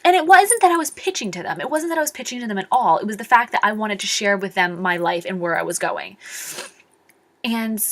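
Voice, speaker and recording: A woman's voice: mid-range voice, animated, brisk. A young woman talking casually to camera in a vlog, rambling with lots of fillers. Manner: chatty, rambling with many fillers. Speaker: vlogger.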